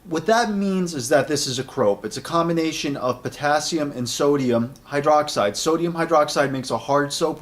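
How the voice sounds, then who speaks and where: A man in his late thirties giving a casual spoken product review, rambling, with many fillers and repeated words, friendly and enthusiastic. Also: a little high. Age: 30s.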